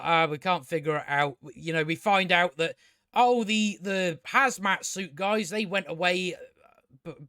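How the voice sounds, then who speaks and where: A man's voice: on the high side, sharp tone, no echo, studio quality. A man giving a casual spoken TV review, ranting sarcastically with lots of swearing and filler words. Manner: sarcastic, sweary, rambling rant with many fillers. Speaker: TV show reviewer.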